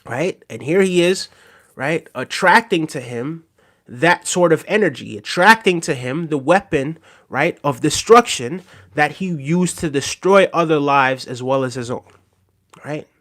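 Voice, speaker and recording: The livestream host sounds animated here, his slightly high, fairly bright voice unhurried. He talks to viewers casually while reading their comments, repeating phrases, using many fillers and often asking "right?".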